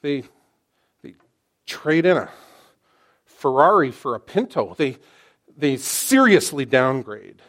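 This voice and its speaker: A middle-aged man preaching a sermon in an animated, excitable, conversational way, often restarting his sentences. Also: mid-range voice, slow, long pauses.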